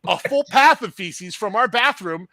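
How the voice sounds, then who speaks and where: Dude telling a crazy story, dry close sound, gets loud and cursing, super animated. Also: male voice, sits high, unhurried, dry recording. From New Jersey. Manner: animated, building to loud bursts, salty. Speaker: insurance agent, podcast co-host. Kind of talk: casual storytelling chat.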